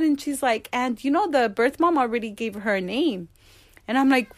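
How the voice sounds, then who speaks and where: A married woman telling a personal story as an interview guest, acting out quoted dialogue with animated voices. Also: on the high side, normal speed, dry recording. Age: adult, married.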